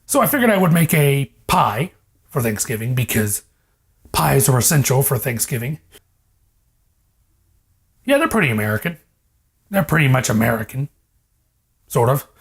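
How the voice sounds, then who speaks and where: A man's voice: medium pitch, very animated, moderate pace, vocal fry, pauses often, slightly rough. A young man hosting a casual home cooking vlog, rambling, joking and swearing, recorded on a lavalier mic in a kitchen. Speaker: cooking vlogger. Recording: fridge hum in the background.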